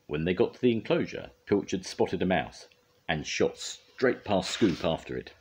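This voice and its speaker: An older man reads a children's storybook aloud, gentle and expressive. His voice is deep and a little husky, rising and falling with plenty of lilt. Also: moderate pace.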